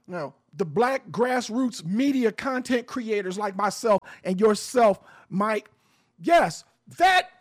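A man's voice: very high voice, gravelly, a bit bright. A man hosting an opinion radio show, talking bluntly and emphatically, with swearing and preaching. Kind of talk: fiery opinion talk.

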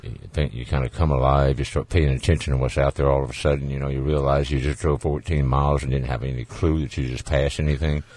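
Southern male radio host, very low voice, dry studio sound, easygoing banter. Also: little pitch movement, fast, few pauses, darkish tone, no echo. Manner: folksy, rambling, jokey. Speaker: radio call-in show host. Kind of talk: casual radio talk.

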